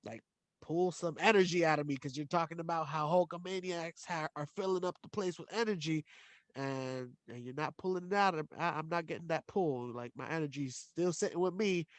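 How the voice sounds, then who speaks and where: Excitable man in dry podcast chat. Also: a little high, brisk, no room sound. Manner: excitable, laughs often, restarts a lot. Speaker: podcast co-host. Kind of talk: casual chat.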